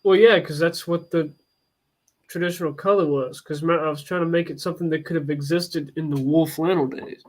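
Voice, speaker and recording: A man's voice: on the high side, steady tone, brisk. Laid-back man rambling in casual chat.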